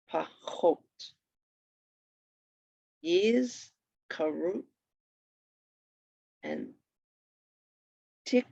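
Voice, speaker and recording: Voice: medium pitch, vocal fry, dry recording. A patient teacher walking through a Hebrew primer on a shared screen, repeating each word twice for the learner. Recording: dull lo-fi recording.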